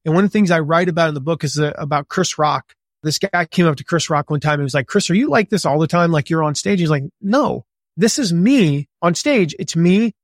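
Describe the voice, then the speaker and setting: A man in his forties, a guest on a podcast interview, talking in a gregarious, animated and slightly loud way, with lots of casual fillers. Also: high voice, no echo, studio quality. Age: 40s. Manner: conversational with many fillers. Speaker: guest author and business coach.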